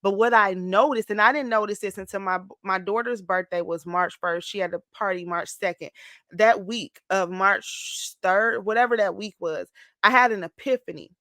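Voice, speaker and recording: Woman around forty, confessional vlog, expressive, emotional, mid pitch, dry close sound. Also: normal speed, no room sound. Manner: expressive, slips into mock-whiny voices when quoting her past self; emotional, close to tears at times. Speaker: vlogger.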